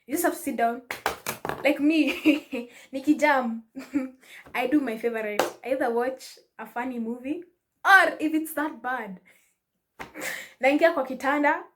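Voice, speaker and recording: Woman, young adult, high-pitched, animated, casual advice vlog, Swahili slang mixed in. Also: measured pace, long pauses, background noise. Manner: animated, mixes in Swahili slang, laughs often. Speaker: vlogger. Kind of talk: casual advice talk to camera.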